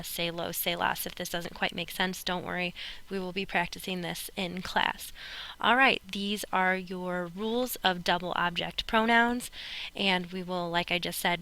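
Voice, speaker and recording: A woman's voice: on the low side, vocal fry, bright, forceful tone. A woman teaching Spanish grammar in recorded lecture notes, explaining patiently with playful asides as she draws on screen.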